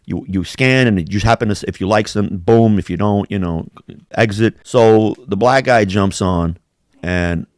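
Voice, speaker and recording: A man's voice: fairly low pitch, moderate pace, a little mellow, no echo, studio quality. A man co-hosting a casual podcast, telling stories in a rambling, profane way. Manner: rambling, profane storytelling with quoted voices. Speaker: podcast co-host. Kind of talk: casual chat.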